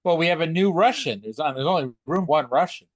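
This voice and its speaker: A man's voice: fairly high pitch, brisk, no echo. A man co-hosting a podcast, joking and rambling in casual chat. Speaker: podcast co-host.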